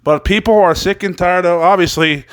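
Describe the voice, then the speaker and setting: Man, high smooth voice, wrestling-show host, swears freely, rambles through the news. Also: moderate pace, a bit bright. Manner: profane, rambling and blunt. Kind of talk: casual news commentary.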